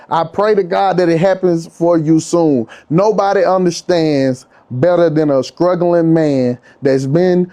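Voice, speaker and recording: Male, slightly high, mellow tone; earnest, casual pep talk. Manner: earnest, casual, addressing the listener as bro. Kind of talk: motivational talk.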